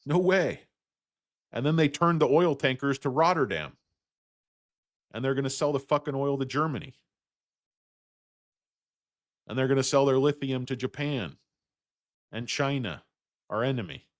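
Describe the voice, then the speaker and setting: A man hosting a stock market livestream, ranting bluntly and profanely while answering chat, with loud outbursts and low muttered asides. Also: expressive, measured pace, pauses often, no room sound, studio quality.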